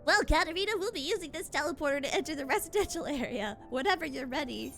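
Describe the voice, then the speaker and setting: A woman's voice: high voice, lively intonation, fast, a bit bright, faint music behind, pitched above the performer's own voice. A woman doing an eager nerdy rabbit creature. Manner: breathless, gushing and chirpy. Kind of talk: reading game dialogue aloud in a voice.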